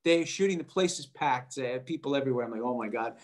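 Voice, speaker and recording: A middle-aged man, an actor guest in an interview, telling a story in a lively way and acting out the voices of people he quotes. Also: medium pitch, fast talker. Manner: animated, acts out quoted voices.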